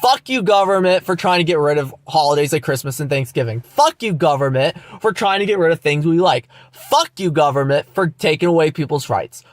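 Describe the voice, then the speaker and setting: A man's voice: fairly high pitch, lively intonation, fairly quick, few pauses, no echo. A young man hosting his own channel, delivering an angry, mocking, profanity-filled rant full of repeated lines. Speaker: channel host. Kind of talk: ranting monologue vlog.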